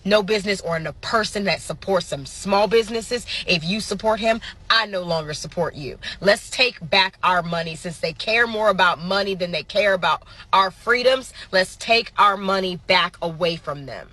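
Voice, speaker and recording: A woman ranting into her camera, angry and foul-mouthed, pressing each point with heavy emphasis. Her voice is husky and breathy at a middling pitch. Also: moderate pace, hardly any pauses, pushed and bright. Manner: furious, profane, emphatic. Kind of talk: angry social media rant.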